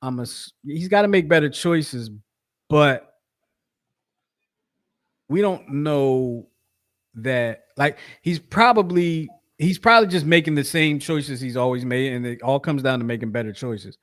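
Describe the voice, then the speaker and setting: A man's voice: a little high, unhurried. Rambling male podcast co-host. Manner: rambling, repeats himself, frequent fillers. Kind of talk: casual sports chat.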